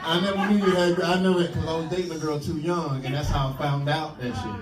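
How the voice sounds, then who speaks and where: A man with a high voice tells a raunchy story, laughing through it. He sounds far from the mic, with an echoey room, loud crowd chatter and noise around him. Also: quick pace. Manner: crude, laughing, animated storytelling. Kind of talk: comic storytelling. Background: crowd and ambience.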